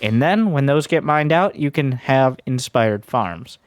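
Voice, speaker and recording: A man's voice: medium pitch, expressive, measured pace, no room sound, clean studio sound. Blunt, foul-mouthed male game coach. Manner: blunt, profane, sarcastic.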